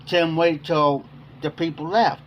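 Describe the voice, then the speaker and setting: A man's voice: fairly high pitch, fairly even intonation, takes it slowly, slight background noise. A man hosting a casual livestream, telling a long story to his chat and repeating "I said" as he goes. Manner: rambling, repeats "I said" while retelling. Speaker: livestream host.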